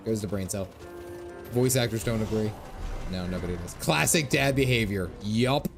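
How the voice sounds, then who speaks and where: A man's voice: on the low side, normal speed, creaky, over music. A man in his thirties streaming a game, chatting casually with lots of laughs, dad jokes and game lines read aloud. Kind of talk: casual gameplay commentary.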